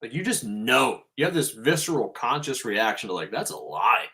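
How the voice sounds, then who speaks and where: A man's voice: medium pitch, animated, moderate pace, pushed and bright. A man hosting a podcast, giving a casual spiritual monologue in an emphatic way and swearing freely.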